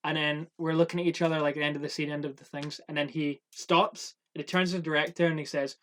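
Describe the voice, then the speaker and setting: A man's voice: on the high side, quick pace, few pauses. A young man, casually telling work stories on a podcast, acting out quotes and swearing freely. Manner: animated storyteller, acts out quotes, swears. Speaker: podcast co-host. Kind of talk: casual chat, storytelling.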